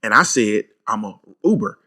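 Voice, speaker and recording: A man's voice: lowish voice, expressive, moderate pace, sharp tone. A young man co-hosting a podcast in casual chat, telling a story emphatically and swearing freely as he vents. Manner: emphatic, profane, venting storyteller. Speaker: podcast co-host.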